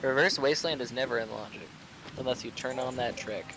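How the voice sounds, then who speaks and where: A man casually commentating a speedrun race, relaxed and joking, explaining game details. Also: mid-range voice, fairly quick, background noise.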